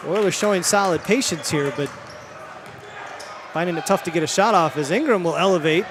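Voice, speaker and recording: High-voiced play-by-play man, noisy gym. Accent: Michigan. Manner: quick play calling, rising for big plays, self-correcting names. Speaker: play-by-play announcer. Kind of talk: live basketball commentary. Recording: gym ambience, bouncing ball noise.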